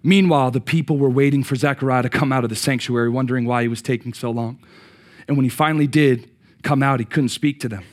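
A middle-aged man preaching a sermon, swinging from loud excited peaks to quiet reflection and repeating words as he restarts. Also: medium pitch, fast talker. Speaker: pastor.

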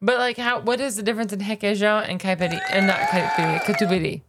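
A woman's voice: medium pitch, fairly even intonation, fast, heavy background noise. A woman co-hosting a podcast, chatting casually in a giggly, teasing way. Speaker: podcast co-host. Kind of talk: casual chat.

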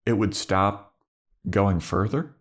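A man co-hosting a casual podcast, retelling an episode and slipping into quick character voices. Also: on the low side. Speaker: podcast co-host. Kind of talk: casual recap chat.

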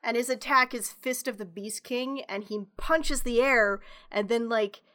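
A woman's voice: a little high, unhurried, sharp tone. A young woman co-hosting a casual chat, giggly and chatty with lots of filler words.

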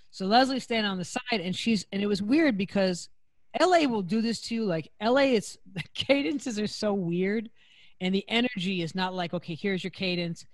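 A woman's voice: medium pitch, no echo. A woman hosting a comedy talk show, rambling through her thoughts in casual chat. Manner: rambling, restarts thoughts often. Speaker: host.

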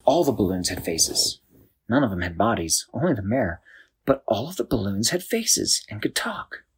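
A man narrating an improvised bedtime story in a loose, animated way, with restarts. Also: lowish voice, moderate pace, slightly rough.

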